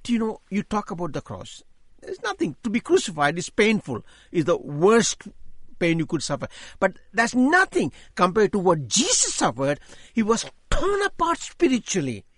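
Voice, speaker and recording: An older man giving an emphatic sermon-style testimony, repeating key phrases, his voice rising as he gets excited. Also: sits high, moderate pace, no echo, clean studio sound. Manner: voice rises when speaking with excitement. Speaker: Christian speaker giving testimony.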